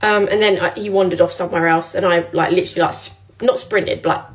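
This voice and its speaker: A woman's voice: on the low side, steady tone, quick pace, soft background music. A woman, telling a story casually with lots of fillers. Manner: chatty, filler-heavy retelling. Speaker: vlogger.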